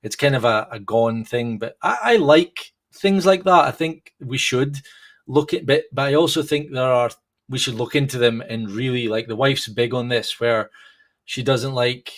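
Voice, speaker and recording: Man, thirties, casual rambling podcast co-host, mid-pitched voice. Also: moderate pace. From United Kingdom. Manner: rambling, many restarts and fillers. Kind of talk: casual chat.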